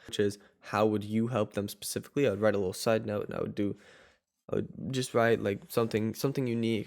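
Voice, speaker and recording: A man's voice: fairly low pitch, darkish tone. A man coaching viewers step by step in a loose, rambling way, often restarting his sentences. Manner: rambling, self-correcting, loose and chatty. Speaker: online course coach. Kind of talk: casual tutorial talk.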